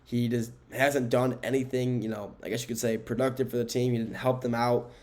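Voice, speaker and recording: A man's voice: medium pitch, level tone, fairly quick, a little mellow. A man hosting a sports podcast on his own, speaking in a mid-range voice with a loose, rambling delivery. He stops to correct himself and leans on fillers as he goes. He is recorded indoors in a room. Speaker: podcast host. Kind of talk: solo sports podcast talk. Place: indoor room with window blinds.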